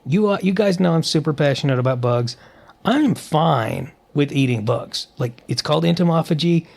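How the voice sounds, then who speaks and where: Gravelly, animated man chatting on a podcast. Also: on the high side, moderate pace. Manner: animated, opinionated, many restarts. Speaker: podcast co-host. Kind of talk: casual podcast chat.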